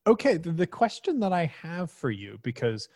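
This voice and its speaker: A man's voice: fairly high pitch, big pitch swings, moderate pace, a little mellow, no echo, studio quality. A young man running a tabletop role-playing game as game master, narrating with playful relish.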